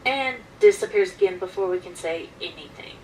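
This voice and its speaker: Animated woman telling a story, distant mic. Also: fairly low pitch, a little fast, a little hiss or hum. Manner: animated, emphatic retelling. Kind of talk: casual storytelling.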